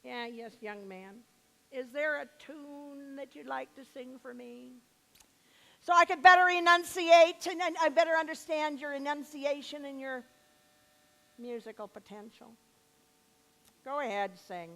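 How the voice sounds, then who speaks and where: A woman's voice: high voice, unhurried, creaky, pushed and bright. An older woman performing a comic monologue as a singing teacher, with grand, haughty diction that slips into brash street talk.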